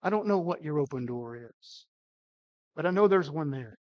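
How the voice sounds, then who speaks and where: An older man preaching a sermon with emphatic, dynamic delivery, his loudness swinging widely. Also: fairly high pitch, expressive, moderate pace, dry recording, highs cut off. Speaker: pastor.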